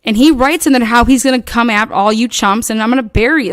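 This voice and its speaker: A woman casually recounting online drama in a rambling, profane way, acting out quoted lines in animated bursts. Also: fairly high pitch, fairly quick, no room sound, studio quality. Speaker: online commentator.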